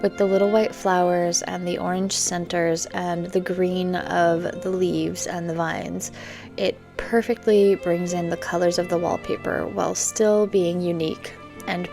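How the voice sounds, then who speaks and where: Low, gravelly woman over music. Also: measured pace. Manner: calm, explaining a design. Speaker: vlogger. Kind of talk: casual voice-over. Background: clear background music.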